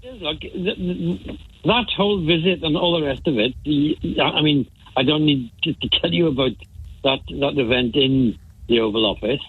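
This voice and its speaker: A man calling in to a talk show, talking haltingly with many restarts. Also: fairly high pitch, slightly rough, no echo. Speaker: caller. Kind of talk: phone-in chat. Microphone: phone. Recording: tinny phone line.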